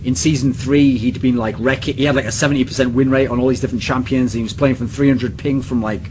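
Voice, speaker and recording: A man's voice: medium pitch, fairly even intonation, quick pace, background noise. A young British man hosting a casual chat show, rambling and profane, mocking others and slipping into silly voices. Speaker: podcast host.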